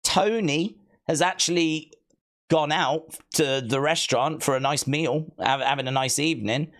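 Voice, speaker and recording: A man's voice: on the high side, measured pace, a bit bright. A man hosting a live stream, chatting casually, reading viewer comments aloud and playfully mock-scolding viewers he calls kids.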